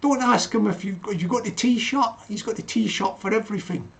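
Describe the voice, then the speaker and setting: A man's voice: high voice, normal speed, vocal fry, a bit bright. An older man hosting a casual livestream, laughing often and calling himself by name in the third person. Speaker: livestream host.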